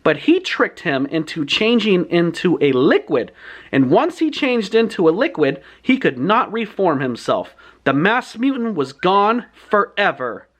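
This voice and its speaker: A man retelling a storybook in his own words, chatty and quick. His pitch swings a lot and stays lively. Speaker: book reviewer.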